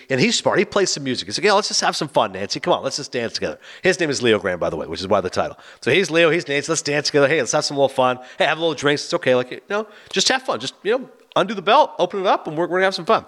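Animated fast-talking man. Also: mid-range voice. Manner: animated, acts out both characters' lines. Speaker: film reviewer. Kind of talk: casual retelling of a film.

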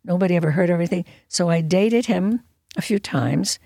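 A woman in her nineties telling anecdotes as a guest in an interview, lively and wry, acting out what people said. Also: lowish voice, a little fast, creaky, no room sound, studio quality. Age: 90s. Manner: lively storyteller, acts out quotes, wry.

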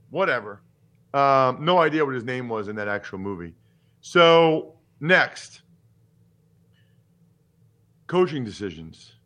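A man's voice: medium pitch, slow pace, pauses often. A man in his forties hosting a sports podcast, a former pro football player who talks casually and with strong opinions, jumping from topic to topic. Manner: animated, opinionated, jumps between topics.

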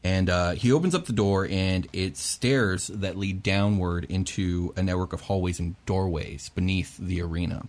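A young man narrates a tabletop game as game master, in a slightly low voice. He is relaxed and chatty and fills his sentences with ums and uhs. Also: moderate pace, few pauses. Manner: relaxed, laughs often, filler-heavy.

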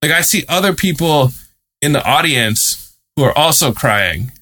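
Bright-voiced man telling a story. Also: fairly high pitch, lively intonation, a little slow, breathy edge. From United States. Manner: chatty, with frequent fillers and amused laughs. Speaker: guest reporter and author. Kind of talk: casual storytelling.

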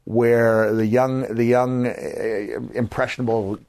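An older man hosting a podcast, telling animated stories and acting out the voices of people he quotes, sometimes jumping to a shout for a punchline. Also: mid-range voice, takes it slowly, no room sound. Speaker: podcast host. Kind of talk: casual storytelling.

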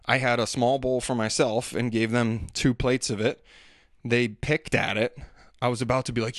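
A man's voice: mid-range voice, flat delivery, normal speed, dry recording, clean studio sound. A man telling rambling, self-deprecating stories about family life in a casual monologue. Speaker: father talking about daily life.

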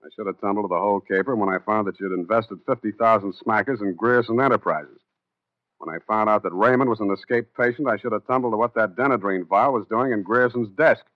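A man's voice: on the low side, fast, natural voice. An actor playing a wisecracking, hard-boiled male private detective in a 1940s radio drama, with dry, clipped narration. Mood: cool. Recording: dull lo-fi old radio broadcast.

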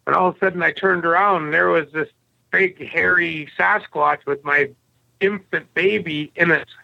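A man from Canada, a podcast guest, telling stories bluntly with a rough edge. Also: on the high side, fairly even intonation, normal speed, no echo, muffled recording. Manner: blunt, rough-edged storyteller. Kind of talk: casual storytelling interview.

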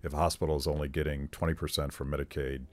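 Very deep-voiced male podcast host. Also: level tone, a little mellow. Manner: halting, restarts, wry. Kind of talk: interview conversation.

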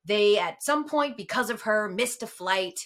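A woman's voice: mid-range voice, animated, unhurried, fairly bright tone. A woman co-hosting a casual podcast chat, telling stories animatedly and acting out the people she quotes. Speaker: podcast co-host.

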